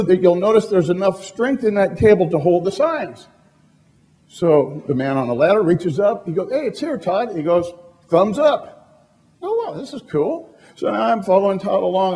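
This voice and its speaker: Middle-aged male motivational speaker with a higher voice, an animated storyteller who acts out each line of dialogue. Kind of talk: storytelling talk to an audience.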